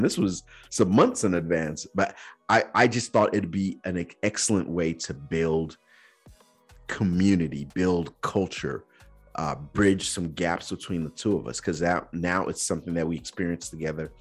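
Podcast host, male, low husky voice, earnest storyteller with casual slang. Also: moderate pace, soft background music. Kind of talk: personal storytelling.

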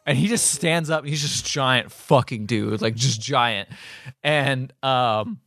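A man's voice: medium pitch, takes it slowly, no echo, clean studio sound. A man co-hosting a podcast, casually retelling a film scene by scene and slipping into voices for the characters. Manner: animated storyteller, acts out characters in quoted voices. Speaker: podcast co-host recapping a film. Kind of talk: casual chat.

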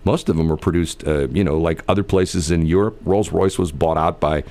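Deep-voiced middle-aged man, rambling chat. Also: brisk, a little mellow. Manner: rambling, storytelling, many fillers and restarts.

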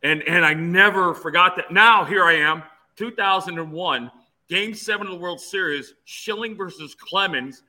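A man's voice: high voice, normal speed, low-quality recording. Tense-voiced man in his fifties. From Phoenix, USA. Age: 50s. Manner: animated storyteller with many restarts. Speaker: interview guest, former player. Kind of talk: storytelling in an interview.

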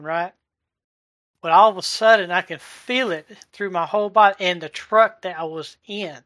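A man in his forties giving a heartfelt personal testimony, halting and searching for words as he goes. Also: high-pitched, bright, forceful tone, dry recording, studio quality. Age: 40s. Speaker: delivery driver sharing a testimony. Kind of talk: emotional personal testimony in a live chat.

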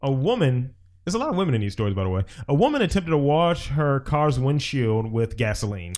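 A man's voice: mid-range voice, sing-song, fairly quick, a little mellow. A man co-hosting a comedy podcast, reading odd news stories aloud and laughing often. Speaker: podcast co-host. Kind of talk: casual comedic chat.

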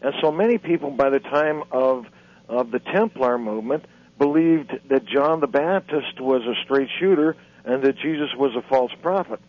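A man, an author and lecturer, speaking as a guest on a radio interview in an earnest, lecturing way. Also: medium pitch. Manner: earnest, lecturing, halting restarts. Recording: muffled radio broadcast.

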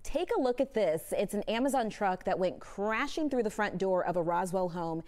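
A woman's voice: medium pitch, expressive, normal speed, darkish tone. A woman reading a news report with a light, wry touch. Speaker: news anchor.

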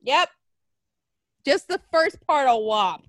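A woman with a high, bouncing voice rants through a casual talk show, swearing and fired up with mock outrage. The sound is close and dry, with no room around her. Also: animated, slow, a bit bright, no room sound. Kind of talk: casual wrestling chat.

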